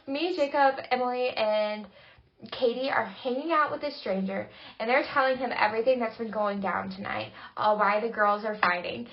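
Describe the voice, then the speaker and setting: A young woman co-hosting a podcast, telling a story with lively voiced-out quotes and frequent laughter. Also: a little high, normal speed. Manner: animated storytelling, acting out quotes, laughing often. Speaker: podcast co-host. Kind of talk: casual chat. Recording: dull lo-fi recording.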